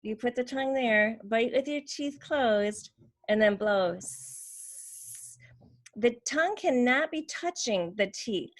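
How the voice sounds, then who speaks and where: A woman's voice: on the high side, expressive, unhurried. A woman teaching how to make speech sounds, explaining patiently and demonstrating each sound. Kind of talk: slow instructional demonstration.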